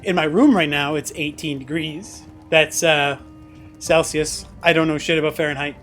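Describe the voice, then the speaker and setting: High-voiced chatty male streamer. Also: steady tone, normal speed, a bit bright, soft background music. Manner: chatty, laughs often, swears casually. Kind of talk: casual chat while gaming.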